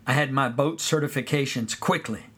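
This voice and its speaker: A man narrating a first-person story of his boyhood at summer camp in a relaxed storytelling way. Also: medium pitch, normal speed, slightly rough. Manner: relaxed storytelling, sings song snippets.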